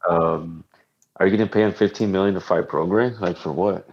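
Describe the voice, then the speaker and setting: Deep-voiced blunt man on a dull line. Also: fairly even intonation, brisk, darkish tone. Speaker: podcast co-host. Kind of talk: casual boxing podcast chat.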